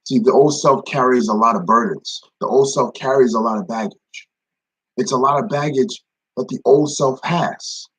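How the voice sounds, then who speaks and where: A man's voice: medium pitch, steady tone, normal speed, husky, low-quality recording. A young man leading an informal devotional talk, speaking conversationally, repeating phrases for emphasis and greeting viewers by name. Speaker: ministry devotion leader.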